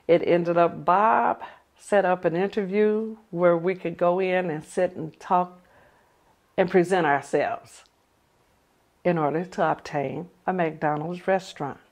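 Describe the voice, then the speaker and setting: An older woman with a somewhat low voice tells her own story in a lively, animated way. She acts out the conversations as she recounts them. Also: a little slow. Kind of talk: personal storytelling.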